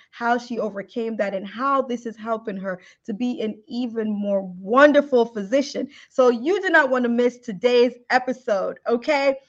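A bubbly woman host with a fairly high voice, gushing and lively as she introduces her guest. The sound is a bit dull and lo-fi. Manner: effusive, animated, repeats praise words. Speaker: podcast host. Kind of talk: enthusiastic podcast interview.

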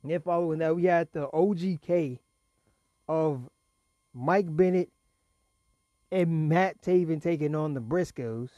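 Going over wrestling results, this reviewer chats and rambles, laughing between points while holding back a cough. He speaks a little slowly with frequent pauses, in a slightly high, mellow voice, and the audio is dull with no echo.

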